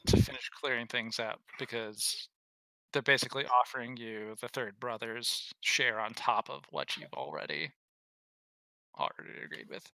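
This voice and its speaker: A man's voice: medium pitch, normal speed, creaky, sharp tone, dry recording, poor audio. A man narrating as game master in a rambling, self-correcting way.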